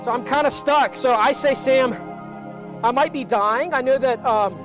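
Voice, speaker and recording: A man hosting an improvised comedy show, rambling to his chat and yelling in mock pain. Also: very high-pitched, normal speed, over music.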